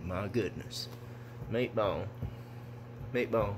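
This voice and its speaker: A man filming his dogs at home on a phone, talking to them casually, laughing a lot and cooing at them in a high sing-song voice. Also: very animated, unhurried, lo-fi sound, heavy background noise. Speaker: dog owner filming his pets.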